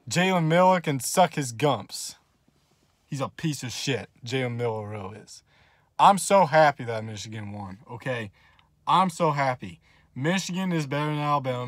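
A young man, gloating and laughing in an excited fan reaction vlog. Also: a little high, no room sound. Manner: gleeful, taunting, bursts into loud laughter. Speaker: vlogger.

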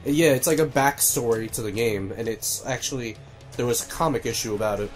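A man's voice: mid-range voice, fairly quick, loud music behind the voice. A young man co-hosting a casual game let's-play, talking over the gameplay, swearing and steering the player. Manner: excitable, swears, directs the player. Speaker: let's-play co-host and editor. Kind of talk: casual gaming chat. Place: home room with TV game audio.

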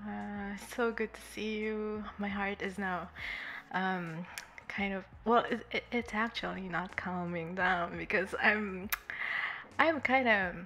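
A woman livestreaming and chatting warmly with her viewers. She giggles often, sounds nervous, and is a little tipsy. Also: mid-range voice, fairly even intonation, takes it slowly. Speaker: streamer greeting chat. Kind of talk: casual livestream chat.

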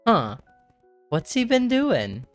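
A woman's voice: medium pitch, wildly swooping pitch, slow, no echo, faint music behind. A woman playing in a tabletop game, casual and reactive in her replies. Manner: casual, reactive, plain-spoken. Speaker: player. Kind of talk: tabletop game role-play.

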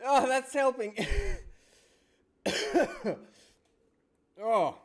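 High, lively young man joking around. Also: very slow. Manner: joking, bantering, bossy at times. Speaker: gamer. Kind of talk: casual gaming chat.

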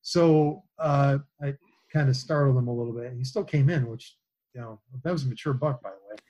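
A man appearing as a podcast guest, telling hunting stories in an animated way and acting out what people said. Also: mid-range voice, a little fast, highs cut off. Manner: animated storyteller who acts out quoted lines. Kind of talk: casual hunting chat.

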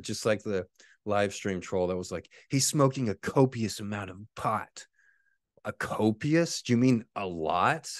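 A man's voice: low voice, dry recording, clean studio sound. A man hosting his own show, talking in a rambling, profane monologue full of restarts. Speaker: podcast host and author. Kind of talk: casual monologue.

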